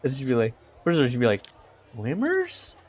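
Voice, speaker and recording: A man's voice: medium pitch, huge pitch swings, a little fast, darkish tone, husky. A man co-hosting a podcast, telling rambling stories in casual chat, laughing often and swearing. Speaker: podcast co-host.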